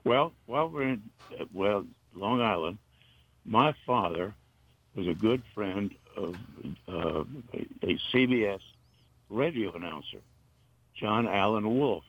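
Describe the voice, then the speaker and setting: An older man from North Carolina, a retired broadcaster, reminiscing in a halting, rambling way with many fillers. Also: lowish voice, animated. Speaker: interview guest, retired broadcaster. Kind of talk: casual reminiscing. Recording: dull, muffled dry recording.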